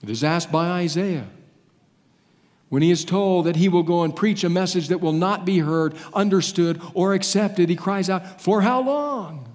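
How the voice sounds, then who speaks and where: A male pastor delivering a sermon, dramatic with long pauses and phrases that fall away at the end. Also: high-pitched, steady tone, darkish tone, in a large hall.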